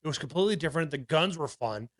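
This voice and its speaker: A man's voice: a little high, expressive, racing, no room sound, clean studio sound. A man in his thirties co-hosting a podcast, rambling and swearing as he tells stories, with lots of restarts. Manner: rambling, profane, with many restarts. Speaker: podcast co-host. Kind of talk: casual podcast chat.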